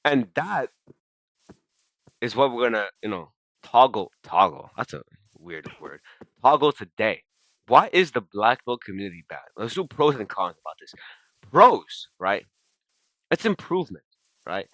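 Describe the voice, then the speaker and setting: A man's voice: mid-range voice, very animated, measured pace, pauses often, fairly bright tone, dry recording. A man rambling and swearing casually as he comments over his own gameplay, often breaking off mid-sentence. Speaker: gaming commentator. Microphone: desktop mic while recording screen.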